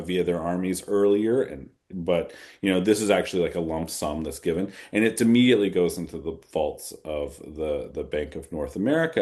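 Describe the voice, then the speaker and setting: Low-voiced man explaining at length. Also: a little mellow. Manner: thinks aloud, repeats phrases for emphasis. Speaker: author answering audience questions. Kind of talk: conversational Q&A at a fireside chat.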